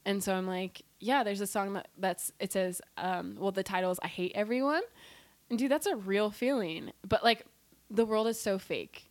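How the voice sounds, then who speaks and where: A woman talking in a relaxed, chatty way on a podcast, her speech full of fillers and quick laughs. Her voice sits at an everyday middle pitch. The sound is dry and close, with almost no room around it. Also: no echo. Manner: laid-back, chatty, peppered with "like" and laughs. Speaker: guest. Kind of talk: casual chat.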